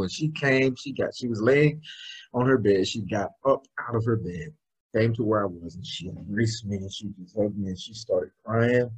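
A man's voice: on the low side, normal speed, slightly rough, low-quality recording. A middle-aged man, a motivational speaker, telling his personal story in an interview in an emphatic, earnest way.

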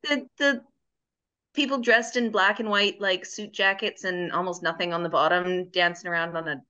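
A woman with a bright, clear voice co-hosting a casual podcast chat. She drops quick, playful opinions into the conversation. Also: fairly low pitch, steady tone, highs cut off. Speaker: podcast co-host.

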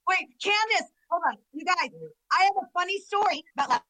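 A woman co-hosting a podcast, telling a rambling, animated story in casual chat. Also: very high-pitched, brisk, low-quality recording. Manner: animated, rambling storyteller who laughs a lot. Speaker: podcast co-host.

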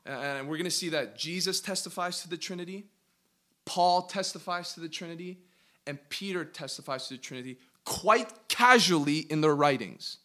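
A man preaching an interactive Bible lesson with an emphatic, questioning delivery. His voice sits a bit high for a man and rings with a bright, forceful edge. He slows down to press key words home. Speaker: pastor teaching a Bible study. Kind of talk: interactive sermon teaching.

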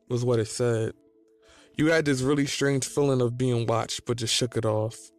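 A man's voice: mid-range voice, steady tone, normal speed, no echo. Man reading a fan story over music.

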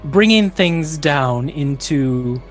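A regal ant queen with a high, lilting voice, gracious and delighted with everything, as a woman puts her on. She talks like royalty in a tabletop game, pleased and a little giggly. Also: animated, very slow, faint music behind, exaggerated voice.

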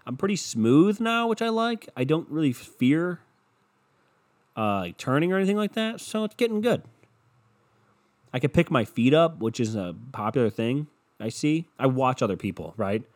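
A man's voice: a little high, big pitch swings, normal speed. A man hosting a casual solo podcast, rambling and cursing with self-mocking humor, a bit congested from a cold. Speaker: podcast host.

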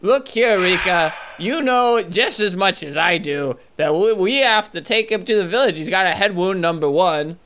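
A man voicing an excitable, earnest forest creature with no arms in a tabletop role-play. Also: high-pitched, moderate pace, hardly any pauses, background noise, natural voice. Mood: pleading. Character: armless forest creature, eager and friendly.

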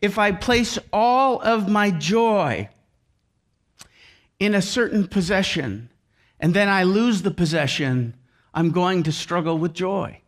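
A man's voice: high-pitched, lively intonation, takes it slowly. A man preaching a sermon with emphasis, repeating key phrases over and over. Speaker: pastor.

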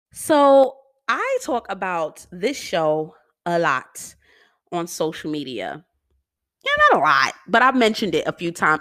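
Woman host, casual solo chat, animated and slangy, lower voice, dry close sound. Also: dry recording. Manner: animated, chatty, laughs often, slangy. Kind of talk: casual monologue.

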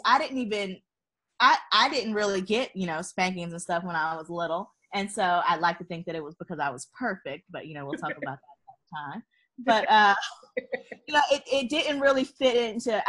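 Animated woman telling a story, laughing often. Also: medium pitch. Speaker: guest. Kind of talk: casual conversational storytelling.

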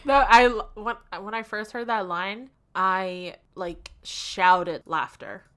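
A young adult woman co-hosting a podcast, chatty and quick to laugh in casual conversation. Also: medium pitch, fairly bright tone, clean tone. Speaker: podcast co-host. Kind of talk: casual chat.

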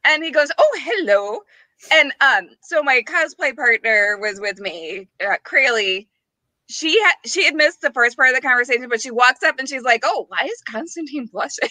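A woman on a podcast spins a story in a lively, sing-song voice that climbs high. Her tone is bright and clear, and she breaks into giggles as she goes. The sound is close and dry. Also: moderate pace, dry recording. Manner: animated, giggly, rising to squeals on punchlines. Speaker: podcast co-host. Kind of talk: casual storytelling chat.

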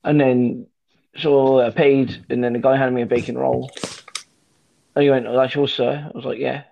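A man's voice: medium pitch, flat delivery, normal speed, gravelly, a little hiss or hum. A man telling a rambling, sweary anecdote in casual chat with friends, full of fillers and restarts. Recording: dull lo-fi recording.

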